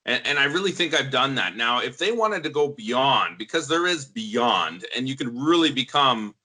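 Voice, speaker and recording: Male interviewer, crisp bright tone, measured, searches for words. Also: medium pitch, lively intonation. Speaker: interviewer, course creator.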